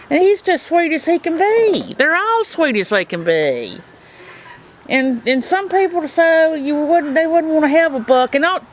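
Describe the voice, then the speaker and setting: A woman's voice: high voice, a little hiss or hum. A woman chatting casually in a video diary about her goats, talking fondly to the animals around her. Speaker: goat keeper. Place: outdoor farm pen with goats.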